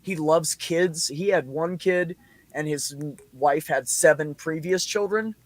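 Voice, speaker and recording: A man's voice: on the high side, takes it slowly, no room sound. A middle-aged man telling a long family story in casual chat, rambling and swearing freely. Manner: rambling, profane, laughs between lines. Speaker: podcast host.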